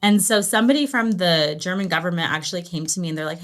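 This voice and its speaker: Animated storytelling woman guest. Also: fairly low pitch, fast talker. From United States. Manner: animated storyteller, acts out quoted dialogue. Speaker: podcast guest, business founder. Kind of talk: casual interview chat.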